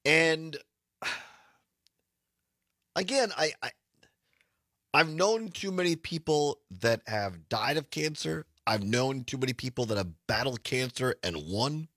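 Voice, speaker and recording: A man hosts a talk radio show with a hoarse, raspy throat, often stumbling and restarting mid-sentence. His pitch sits in an ordinary middle range. The sound is close and dry, with no room around it. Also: lively intonation, slow, pauses often, fairly bright tone, no room sound.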